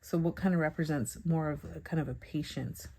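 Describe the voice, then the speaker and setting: Woman with a low voice doing a chill bible journaling tutorial, lots of hmms and pauses. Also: husky. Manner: soft, chatty, thinking aloud with hums and pauses. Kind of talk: relaxed craft tutorial narration.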